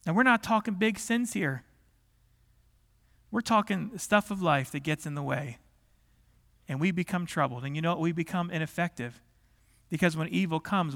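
A man's voice: sits high, bright, forceful tone. A male pastor preaching a sermon in a church, moving from easy conversational talk to impassioned pleading. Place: church sanctuary. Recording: long hall reverb.

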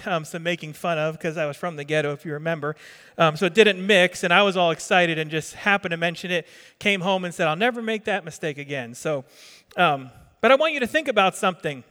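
Middle-aged male pastor from New Jersey, high chatty sermon voice, reverberant hall. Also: bright, forceful tone, smooth. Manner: conversational, quizzes the congregation, repeats words.

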